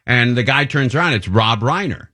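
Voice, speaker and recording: A man's voice: medium pitch, expressive, moderate pace, bright, forceful tone. A middle-aged man hosting a radio show, telling anecdotes in an easygoing, rambling way and correcting himself as he goes. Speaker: radio host. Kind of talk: casual chat, anecdote telling.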